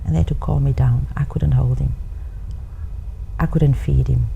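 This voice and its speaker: A middle-aged woman in an interview, recalling her experience in a reflective, measured way with some fillers. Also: a bass voice, steady tone, vocal fry, phone-quality sound, slight background noise. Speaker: interviewee and author. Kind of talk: interview testimony.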